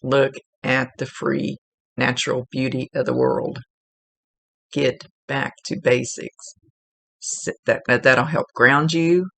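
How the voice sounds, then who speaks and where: A woman's voice: rumbling low, steady tone, slow, vocal fry, fairly bright tone, dry recording. A woman working as a psychic medium, giving a spirit reading in an earnest, chatty way and repeating words for emphasis. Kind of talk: spirit reading, relaying messages.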